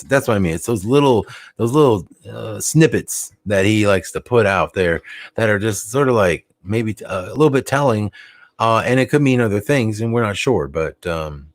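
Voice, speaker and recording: Man, very low voice, casual host, rambling, fillers, dry recording. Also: dry recording. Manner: rambling, many fillers and restarts. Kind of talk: casual conversational talk.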